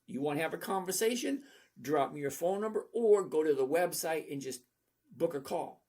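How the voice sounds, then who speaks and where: On a casual trading livestream, the host, a man in his sixties, talks bluntly and rambles as he reads viewer comments. His voice is on the high side and a little mellow, expressive, and delivered at a moderate pace.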